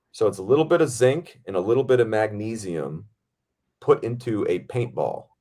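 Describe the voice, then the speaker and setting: A man hosting a podcast, telling a set story in a casual, animated way, with frequent swearing and fillers. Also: fairly low pitch. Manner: animated, profane, lots of fillers. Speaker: podcast host.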